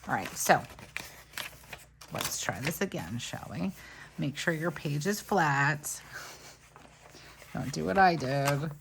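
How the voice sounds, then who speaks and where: A woman vlogger with a low, gravelly voice talks casually through a crafting tutorial at her desk. She narrates every step and shrugs off her little mistakes. A faint background noise sits under her voice. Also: expressive, takes it slowly, pauses often, fairly bright tone. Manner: chatty, narrates each step, laughs off mistakes. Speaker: planner vlogger.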